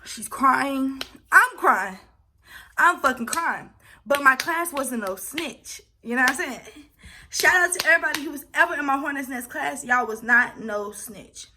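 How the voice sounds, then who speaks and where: A young woman vlogger telling a personal story in a casual, animated and profane way, acting out scenes as she goes. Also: high-pitched, unhurried, slight background noise.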